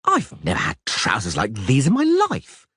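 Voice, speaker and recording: A man voicing a vain, flamboyant young bard who talks excitably and dramatically in an audiobook. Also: lowish voice, normal speed, slightly rough, heavily acted. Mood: excitable flamboyant. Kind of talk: audiobook character voice.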